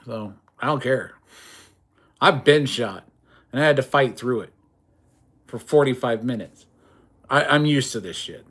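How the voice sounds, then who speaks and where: A middle-aged livestream host chats casually, talking tough and blunt, swearing freely and rambling with stammered restarts. His medium-pitched voice is expressive and fairly bright. He speaks at a measured pace with long pauses.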